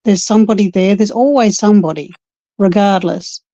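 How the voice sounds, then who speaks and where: A woman's voice: medium pitch, moderate pace, warm tone, no room sound. A woman chatting earnestly and reflectively with friends on a late-night stream. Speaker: chat regular. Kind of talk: casual chat. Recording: muffled lo-fi audio.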